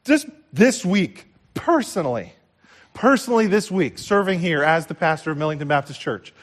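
A man preaching a sermon as pastor, impassioned, swinging from loud declarations to hushed, and repeating phrases for emphasis. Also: mid-range voice.

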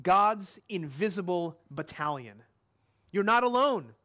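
A man's voice: sits high, expressive, measured pace, bright, forceful tone. A man preaching a sermon in a conversational way, often putting questions to his listeners.

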